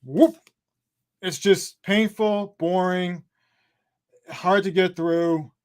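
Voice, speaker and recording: A man with a slightly high voice gives a blunt, profane film review over a video call. He talks in halting bursts and pauses often. The sound is plain home-call audio. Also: fairly even intonation. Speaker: movie reviewer on a panel. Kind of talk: live online review countdown.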